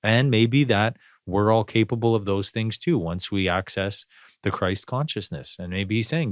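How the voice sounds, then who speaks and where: In a casual spiritual conversation, a male podcast host talks in a rambling, reflective way, full of fillers and restarts. His voice is lowish and his speed normal, captured in studio quality with no echo.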